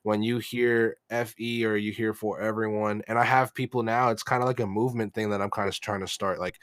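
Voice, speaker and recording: A young American man, a rap artist, answering interview questions in a monotone, halting way, with many fillers and restarts. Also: lowish voice, dry recording. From United States.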